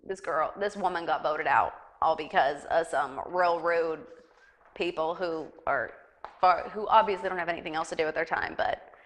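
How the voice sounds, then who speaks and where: A woman's voice: lowish voice, a bit bright. A young woman hosting a casual news chat show, rambling and giggly, with lots of fillers. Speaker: talk show host.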